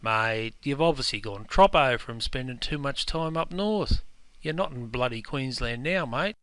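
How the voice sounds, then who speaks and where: A man's voice: mid-range voice, lively intonation, unhurried, a bit bright, smooth, no room sound. A man doing a blunt Aussie barman. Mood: scolding. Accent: Australian. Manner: blunt, slangy, calls everyone mate.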